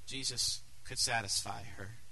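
A middle-aged man preaching a sermon as pastor, earnest, dropping to a hush and then rising to loud, emphatic peaks. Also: medium pitch, fairly even intonation, unhurried, slight background noise, rough recording.

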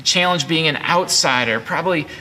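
A man's voice: on the high side, normal speed, bright, forceful tone, slight background noise. A man in his forties preaching a sermon as pastor, earnest and conversational with frequent restarts. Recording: long hall reverb.

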